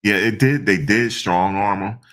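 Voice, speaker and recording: A man giving casual, slangy reaction commentary, animated and repeating himself, often breaking into laughter. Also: lowish voice, a little slow. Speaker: online commentator.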